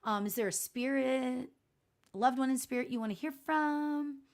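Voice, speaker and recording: A woman with a high voice hosts a live psychic reading stream as a spiritual medium. She speaks gently and reassuringly, with many pauses and fillers.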